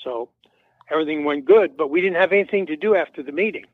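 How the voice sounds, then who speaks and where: A man's voice: on the high side, fast, no echo. A man, a musician guest, telling a rambling story in an interview and acting out the quoted dialogue. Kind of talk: casual anecdote in an interview. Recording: tinny dry phone line.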